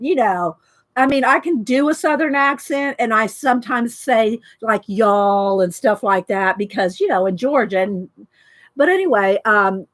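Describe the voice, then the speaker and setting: A woman with a slightly raised voice hosts a casual live art session from her home craft desk. She rambles along enthusiastically, chatting with her viewers as she shows her supplies. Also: a little high. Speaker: art journaling host.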